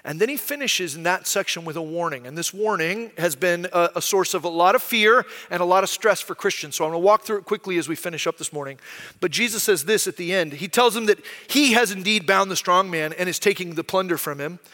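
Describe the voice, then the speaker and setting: A man's voice: high-pitched, a little fast, bright, forceful tone, big-room sound. A man preaching a sermon as pastor, conversational and explaining with frequent rhetorical questions.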